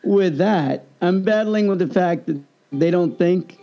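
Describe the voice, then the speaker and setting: A man with a high, gravelly voice tells a long personal story in a relaxed chat. His tone is mellow and dark. He acts out everyone he quotes, and the sound is dull and lo-fi. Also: a little slow, soft background music. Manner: animated, acts out the people he quotes. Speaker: guest telling a story. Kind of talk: casual storytelling.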